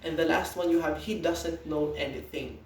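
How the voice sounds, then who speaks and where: A man's voice: a little high, steady tone, a little hiss or hum. Filipino man lecturing in an echoey room. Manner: explains slowly with questions to students. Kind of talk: recorded lecture. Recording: roomy echo, distant mic.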